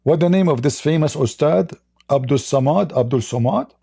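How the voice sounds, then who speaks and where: A man hosting a livestream debate, talking casually in a slow, halting, mocking way. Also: fairly high pitch, vocal fry, mellow, breathy edge, no echo, studio quality.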